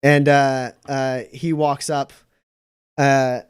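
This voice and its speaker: Male game master, rambling narration, smooth voice, dry recording. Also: mid-range voice, flat delivery, extremely slow, dry recording. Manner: rambling, full of fillers and restarts.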